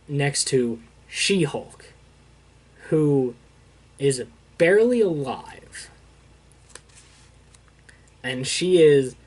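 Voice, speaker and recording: A young man casually recapping a comic book issue, rambling with fillers and acting out the characters' lines as he quotes them. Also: mid-range voice. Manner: rambling retelling with filler words and quoted dialogue.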